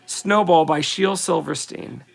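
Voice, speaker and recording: A woman in a casual video, reading short holiday poems aloud slowly and sing-song, with chatty asides between them. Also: lowish voice, gravelly. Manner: giggly, reads verses slowly and sing-song. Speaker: vlogger.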